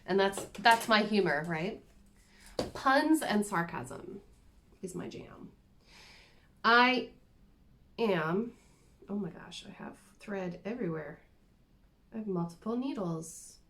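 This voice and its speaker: A woman showing off her craft projects in a relaxed, unhurried chat. Her voice sits at an ordinary middle pitch, and she drifts into self-deprecating asides. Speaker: cross-stitch vlogger. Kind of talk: casual show-and-tell chat.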